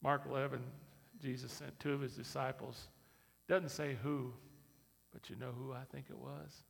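A man preaching a sermon as a pastor, in a lively, conversational and repetitive way. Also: medium pitch, moderate pace, creaky. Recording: reverberant hall.

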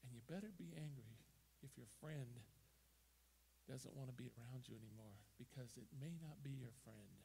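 A man preaching a sermon as pastor, emphatic, swinging from loud bursts to quiet, gravelly delivery. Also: mid-range voice, moderate pace, a little hiss or hum. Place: church sanctuary.

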